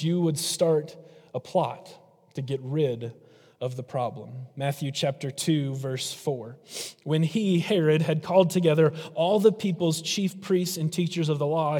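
A man with a slightly raised voice delivers an emphatic sermon. He slows down and quickens for effect, and his words ring out in a hall with a long reverb. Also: fairly high pitch, a little mellow. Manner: emphatic preaching, varies pace for effect. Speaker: pastor.

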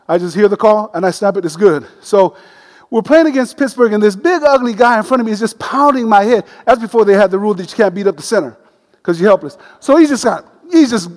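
A man preaching a sermon, telling a story with animated, humorous delivery. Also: sits high. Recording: long reverb of a large hall.

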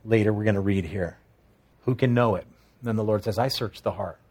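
A man's voice: lowish voice, fairly quick, darkish tone, breathy edge. Man teaching scripture with jokes. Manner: expository Bible teaching with humorous asides; reads scripture aloud, then explains it conversationally. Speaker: pastor. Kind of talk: sermon.

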